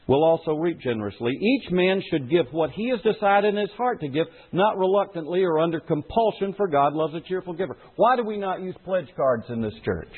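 Male pastor, middle-aged, lively and animated preaching, tinny phone-like sound. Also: fairly high pitch, slightly rough. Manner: preaching with rhetorical questions to the congregation. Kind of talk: sermon. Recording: phone-like lo-fi recording.

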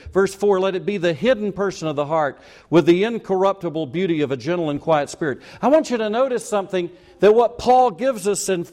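A man's voice: sits high, darkish tone. An older male pastor preaching a folksy, conversational sermon full of asides and rhetorical questions.

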